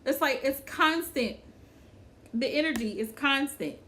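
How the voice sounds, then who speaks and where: Chatty high-voiced woman, unhurried. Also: slight background noise. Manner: chatty, animated, laughs often, repeats phrases; talks to viewers by name. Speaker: livestream host. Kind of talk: casual chat with live viewers.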